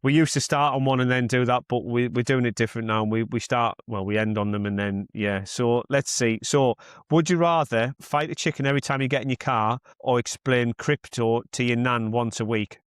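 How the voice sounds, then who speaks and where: A man's voice: medium pitch, a little fast, clean tone, no echo. Chatty man hosting, dry sound. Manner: chatty, rambling, swears casually. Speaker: podcast host. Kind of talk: casual podcast chat.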